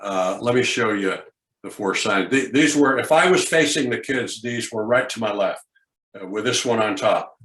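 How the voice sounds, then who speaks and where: A man's voice: fairly low pitch, moderate pace. An older man, a former teacher, giving a conference talk and telling classroom stories, acting out his students' lines as he goes. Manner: lively storyteller, acts out students' lines. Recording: echoey room.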